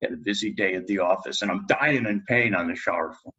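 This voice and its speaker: Middle-aged male guest, husky low voice, lively storyteller doing quotes, muffled lo-fi recording. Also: fast. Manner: animated storyteller, acts out quotes. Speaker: guest dentist. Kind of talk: storytelling in a podcast interview.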